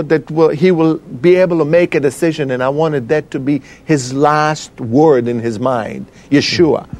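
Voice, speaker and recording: Man telling a halting testimony. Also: fairly high pitch, darkish tone. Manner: halting, emotional storytelling with many fillers. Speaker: guest. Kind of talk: personal testimony.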